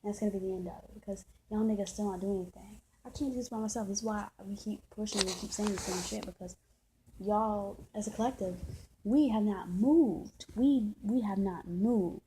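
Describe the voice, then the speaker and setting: Woman vlogger, heated to-camera monologue, swears freely, mid-pitched, mellow timbre. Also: steady tone, quick pace, slight background noise, poor audio. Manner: heated, preachy, profane, repeats points. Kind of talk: impassioned rant to camera.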